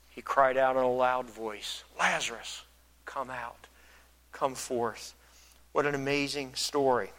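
In a low-quality recording, an earnest male pastor preaches in a voice pitched a bit higher than usual. He thinks out loud, frequently starting his words over, and grows louder each time he wants to drive a point home.

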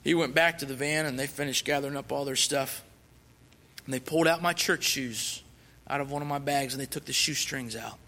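Missionary guy telling his testimony, bright clear voice, big hall echo. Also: medium pitch, brisk. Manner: earnest, rising fervently when reciting scripture. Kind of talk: personal testimony storytelling.

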